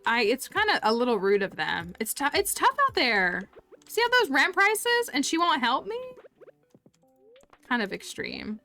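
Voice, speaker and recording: Casual woman game streamer, bright smooth voice, chatty and giggly, faint music underneath. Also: on the high side. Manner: chatty, giggly, thanks viewers. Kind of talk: casual live-stream chat while gaming.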